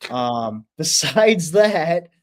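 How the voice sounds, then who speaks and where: A man guesting on a sports podcast, talking casually and thinking out loud with many fillers. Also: a little high, very animated, drawn-out words.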